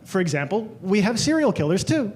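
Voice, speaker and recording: A man's voice: high-pitched, big pitch swings, brisk, background noise. A man with an Australian accent performing a stand-up comedy set on a club stage, telling dry, self-deprecating stories. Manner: dry, self-deprecating storytelling with quoted voices.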